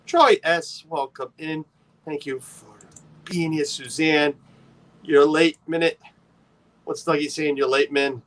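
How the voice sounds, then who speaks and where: A man's voice: fairly high pitch, slow pace, long pauses. A man hosting a casual livestream, chatty and playful, greeting viewers by name and teasing his co-host.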